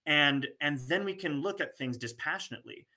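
Man, bright forceful tone, earnest conversational co-host, restarts his thoughts often. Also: a little high, expressive, normal speed. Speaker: podcast co-host. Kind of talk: casual conversation.

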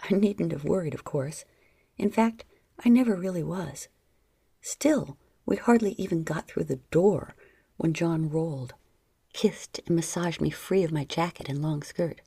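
A woman reading a first-person story in a low, breathy, half-whispered intimate voice, close to the mic. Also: a little slow, mellow, no room sound. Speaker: narrator.

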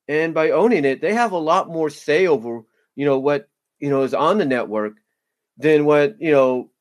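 A man giving casual solo commentary on a podcast, rambling with many fillers and repeating himself. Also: medium pitch. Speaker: wrestling commentator.

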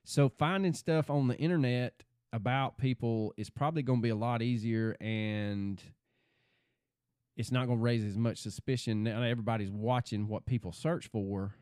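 A man's voice: medium pitch, steady tone, moderate pace, darkish tone, clear, resonant tone, dry recording, clean studio sound. A man co-hosting a podcast in casual chat, talking through theories in an easygoing way. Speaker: podcast co-host.

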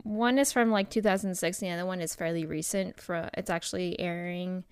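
A woman co-hosting a casual podcast chat, talking with many pauses and ums. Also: on the low side, steady tone, clean tone, dry recording, clean studio sound. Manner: hesitant, many ums and likes. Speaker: podcast co-host.

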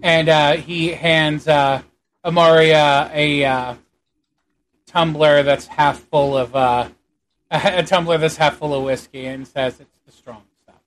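A man running a tabletop game as game master, narrating in a halting way with lots of fillers and dropping quiet for his characters' lines. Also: fairly high pitch, steady tone.

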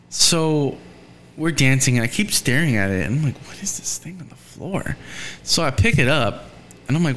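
Young male host, casual storyteller, rambling, animated, acts out quotes. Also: mid-range voice, slight background noise.

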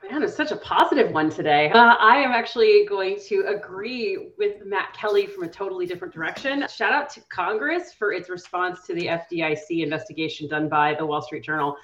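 Low-voiced woman in an echoey room. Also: a little fast, hardly any pauses. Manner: lively, opinionated. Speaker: podcast guest. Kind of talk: casual roundtable podcast chat. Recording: echoey, dull lo-fi audio.

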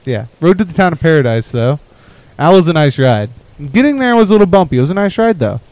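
A man's voice: on the high side, very animated, quick pace, dry recording, poor audio. Rambling young man telling a trip story. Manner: rambling, laughing, trailing off quietly at phrase ends. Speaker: podcast co-host. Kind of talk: casual storytelling chat.

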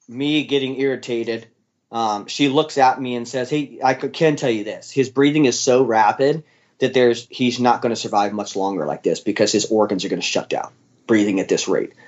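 A former military dog handler tells his story in an interview, speaking in a medium-pitched voice over dull audio. He's casual and blunt, with plenty of fillers and the occasional swear.

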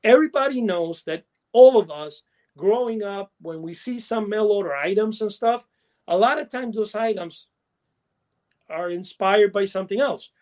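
A man's voice: sits high, expressive, moderate pace, darkish tone. A man co-hosting a casual chat show, rambling through his stories with restarts and laughing at his own jokes. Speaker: podcast co-host.

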